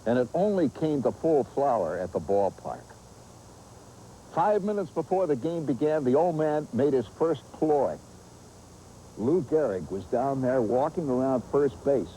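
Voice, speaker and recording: Man, storyteller, lively swinging pitch, mellow dark tone, humorous nostalgic yarn. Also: moderate pace, slight background noise, poor audio. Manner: animated, nostalgic yarn-spinning with vivid asides. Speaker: host and storyteller.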